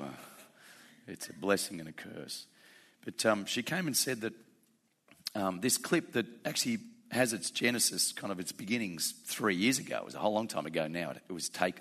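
A man with a fairly low voice preaching to his congregation. He talks plainly and conversationally, then presses his points with growing fervor. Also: fairly bright tone. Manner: conversational and plain-spoken, rising to fervent emphasis. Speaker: pastor. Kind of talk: sermon.

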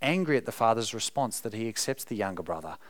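Male preacher, lively melodic delivery, emphatic and earnest. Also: on the low side, quick pace. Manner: earnest, emphatic, speaks to the congregation directly. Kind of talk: sermon.

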